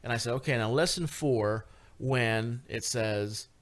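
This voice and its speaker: A man guest on a radio talk show, telling a paranormal investigation story in a casual, animated way with many fillers and restarts. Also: medium pitch, unhurried. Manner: animated, lots of fillers and restarts, rising excitement.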